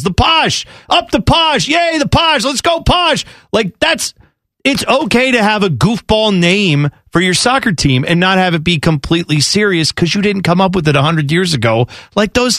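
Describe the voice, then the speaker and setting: A man co-hosting a sports radio show, bantering, ranting fast and reading quiz questions. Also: high-pitched, no echo, clean studio sound. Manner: animated, ranting, fast asides. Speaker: radio co-host.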